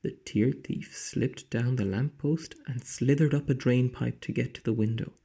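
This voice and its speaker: A man teacher reading a children's storybook aloud slowly, dropping into dramatic whispers. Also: mid-range voice, steady tone, gravelly, warm tone, slightly rough.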